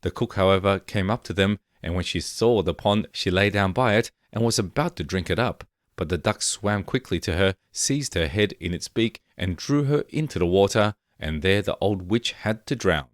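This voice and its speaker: A man reading a fairy tale aloud in a measured, even storytelling manner. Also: sits low, no room sound, clean studio sound. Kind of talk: scripted fairy-tale narration.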